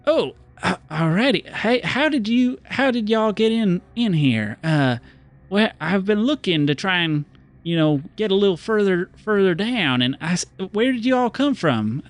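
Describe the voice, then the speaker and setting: A man's voice: sits high, big pitch swings, normal speed, pitched above the performer's own voice. A man puts on a shady blond drifter in a tabletop game, talking in a raised, folksy drawl. He stumbles over his words and sounds friendly but pushy. The voice sits well above the man's own.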